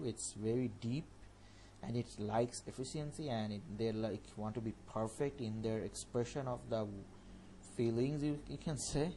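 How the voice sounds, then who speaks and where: A man's voice: mid-range voice, a little hiss or hum, poor audio. A man teaching an online language course, previewing upcoming lessons in an informal, chatty way and thinking aloud as he goes. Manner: informal and chatty, talks a topic through out loud.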